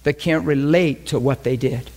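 A man's voice: medium pitch, moderate pace, darkish tone. A man preaching in a conversational, emphatic way, often repeating phrases as he teaches. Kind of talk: sermon teaching.

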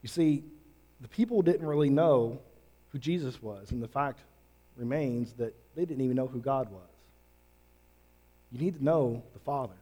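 A man preaching a sermon, earnest and emphatic, with drawn-out pauses. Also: medium pitch, mellow. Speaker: pastor.

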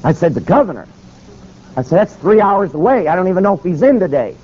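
A man preaching a sermon, telling a story and quoting scripture, with sharp rises and drops. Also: high voice, big pitch swings, fast, lo-fi sound.

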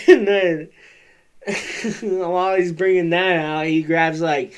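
A man's voice: high voice, fairly even intonation, slow pace, smooth. A man hosting a podcast, telling a rambling, profane story and laughing as he goes. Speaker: podcast host. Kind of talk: casual storytelling.

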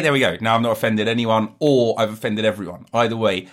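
A man's voice: fairly low pitch, fast talker. A man ranting casually to his audience, sarcastic and sweary with mock outrage. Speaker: solo commentator. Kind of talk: rambling sarcastic rant.

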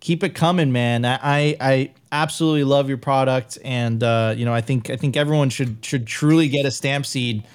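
A man hosting a casual live stream, his voice sitting at an ordinary middle pitch. He talks in an upbeat, hype-driven way, often restarting his sentences as he reads viewer messages aloud. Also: fairly even intonation, normal speed, few pauses, clear, resonant tone. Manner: upbeat, hype-style sign-off with frequent restarts. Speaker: host.

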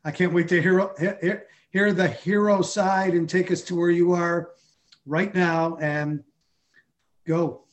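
A man's voice: sits high, steady tone, takes it slowly. A man hosting a podcast, giving brief encouraging prompts to his guest. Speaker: podcast host.

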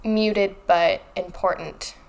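A woman's voice: mid-range voice, steady tone, slow, vocal fry. A woman co-hosting a casual podcast chat, talking things through thoughtfully and reading passages aloud. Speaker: podcast co-host.

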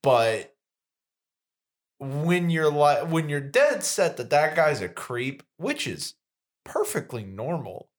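A man's voice: a little high, big pitch swings, slow pace. A young man in casual podcast chat who reacts with disbelief and makes wry jokes. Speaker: podcast co-host.

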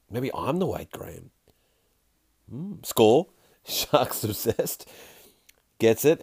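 A man hosting a podcast in a casual, jokey way, reading listener tweets aloud with quick asides. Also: deep voice, darkish tone, dry recording, clean studio sound. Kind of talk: casual chat.

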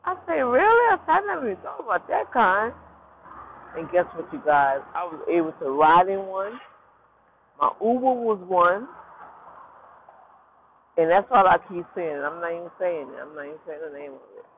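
Animated man telling a faith story, phone-quality. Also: sits high, normal speed, pauses often. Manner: animated storytelling, repeats words, addresses viewers directly. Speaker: vlogger sharing a personal testimony. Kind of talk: casual faith testimony talking to viewers. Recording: phone-quality line with faint noise.

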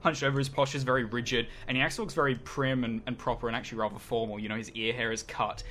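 Bright-voiced man narrating as game master. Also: medium pitch, steady tone, rapid-fire, a little hiss or hum. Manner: loose, chatty narration with fillers.

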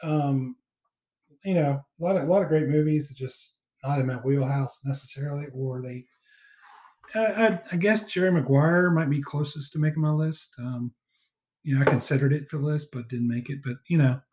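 A man's voice: a little high, normal speed, darkish tone, slight background noise. A man hosting a podcast in a casual, rambling chat full of fillers. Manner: rambling, many fillers and restarts. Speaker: podcast host.

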